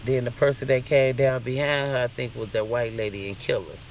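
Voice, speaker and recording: A man's voice: mid-range voice, steady tone, brisk, slight background noise. A man vlogging a casual, profane rant in an indignant, questioning way.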